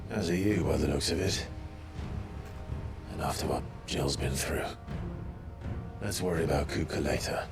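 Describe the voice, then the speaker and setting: An actor voicing a weary, vengeful young male swordsman in a video game, intense and by turns roaring and hushed. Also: very deep voice, moderate pace, creaky, long pauses. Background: game music.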